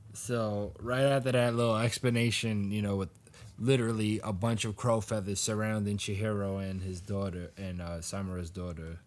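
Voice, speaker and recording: A man co-hosting a podcast, casually recapping a manga chapter and acting out the characters' lines with laughter. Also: lowish voice. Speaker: podcast co-host.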